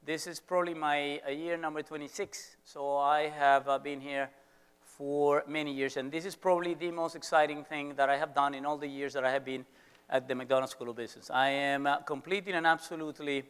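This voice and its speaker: A man's voice: a little high, steady tone, fairly quick, a bit bright, clean tone. A middle-aged man with a Venezuelan Spanish accent, a business school professor giving a playful, teasing lecture to students in an auditorium.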